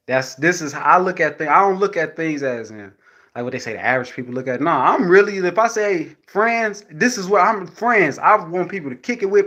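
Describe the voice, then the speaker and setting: An adult man with a young son speaks to his viewers as a vlogger, his voice animated and fairly quick. His monologue is rambling and profane, full of "you know what I'm saying," and when he quotes people he acts out their voices, jumping high and loud.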